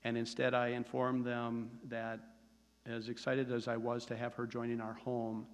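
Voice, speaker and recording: A man in his sixties gives his personal testimony to a congregation in an earnest, steady way, hesitating now and then. His delivery is flat and even, and his voice carries a long reverb through a large church sanctuary. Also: mid-range voice, normal speed. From United States. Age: 60s. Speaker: church member giving testimony.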